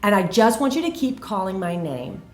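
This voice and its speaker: A woman voicing a father who calmly reassures his lost child, recorded in an echoey room. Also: mid-range voice, normal speed, lightly acted. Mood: reassuring.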